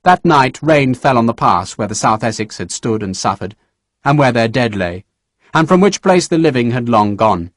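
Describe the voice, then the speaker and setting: Lively male audiobook narrator. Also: medium pitch, no echo, clean studio sound. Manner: measured storytelling. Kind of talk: scripted narration.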